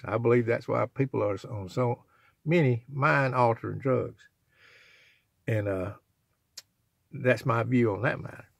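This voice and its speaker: A man's voice: medium pitch, gravelly, fairly bright tone, dry recording, studio quality. An older man, rambling in a folksy, preachy way as he talks to his own channel's viewers. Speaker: channel owner. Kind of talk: rambling religious vlog talk.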